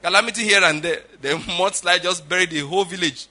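A middle-aged pastor preaches a sermon in a high, bright, forceful voice at a fairly quick pace. He is emphatic and keeps checking in with listeners, repeating "all right?" and "do you understand?"

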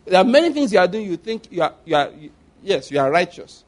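A man preaching a conversational sermon, repeating phrases for emphasis and swinging between quiet and loud passages. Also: sits high, sing-song, fast talker.

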